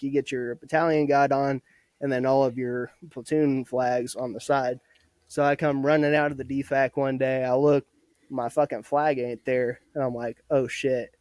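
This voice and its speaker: A young former soldier appears as a podcast guest, telling stories casually in a mid-range, slightly mellow voice. He laughs often and swears freely, recorded dry and close.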